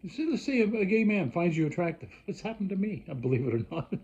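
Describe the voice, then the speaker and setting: Man, rambling worked-up rant, husky mellow voice, dull lo-fi sound. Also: sits high, sing-song, quick pace. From Canada. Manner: worked-up, rambling, frequent restarts. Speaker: vlogger.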